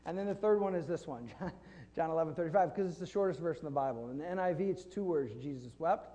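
Pastor, male, mellow tone, loose and self-deprecating delivery, long room reverb. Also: fairly high pitch, fast. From Flint, Michigan. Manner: conversational, self-deprecating with laughs. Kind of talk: sermon. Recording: long reverb in a large hall.

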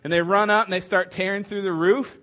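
A male pastor with a fairly high voice preaches in a loose, conversational way. He jokes often and fills his sentences with ums and restarts. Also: steady tone, brisk, a bit bright. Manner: conversational, joking, many fillers. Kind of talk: casual sermon.

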